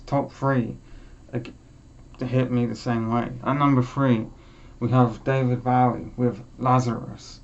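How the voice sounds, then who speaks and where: Young man, heartfelt and halting, muffled. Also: medium pitch. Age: young adult. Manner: heartfelt, halting, with frequent restarts. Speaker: music vlog host. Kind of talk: casual chat. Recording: muffled lo-fi sound.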